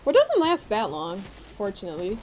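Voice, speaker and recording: A young woman with a Midwestern American accent plays a game while talking to her live-stream chat, reading messages aloud and reacting excitably. Her voice is medium-pitched and fairly quick, with a little hiss or hum.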